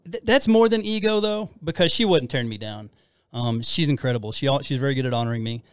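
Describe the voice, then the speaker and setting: A man's voice: medium pitch, lively intonation, fast talker, clear, resonant tone, no echo. Rambling middle-aged man on dry mic. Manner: rambling, self-deprecating, with frequent restarts and fillers. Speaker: podcast co-host. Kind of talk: casual faith-based marriage talk.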